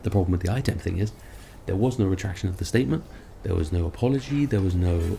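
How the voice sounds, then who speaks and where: Fast and low, with a creaky, dark voice, a content creator tears into other YouTubers in a rambling, sarcastic vlog where he also mocks himself. A bit of background noise is audible.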